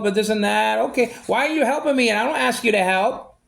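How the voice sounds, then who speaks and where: A man's voice: sits high, fast talker, creaky, hardly any pauses, a bit bright. A man ranting in a monologue, aggrieved and repeating himself as he vents. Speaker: vlogger.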